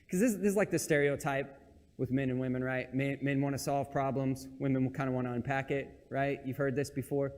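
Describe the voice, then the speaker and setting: A man's voice: medium pitch, fairly even intonation, brisk, darkish tone, in a large hall. A man preaching a conversational sermon in a church, talking in a casual, joking, self-deprecating way. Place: church sanctuary.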